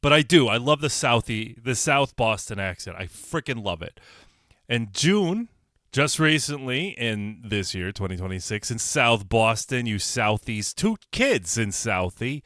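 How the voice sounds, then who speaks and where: A man from Connecticut hosts a solo podcast in a blunt, profane, rambling way. His pitch leaps up and drops back down as he gets worked up, and the sound is dry and close with no room around it. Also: unhurried, no room sound. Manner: blunt, animated, swears and repeats himself. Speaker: podcast host. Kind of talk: casual solo commentary.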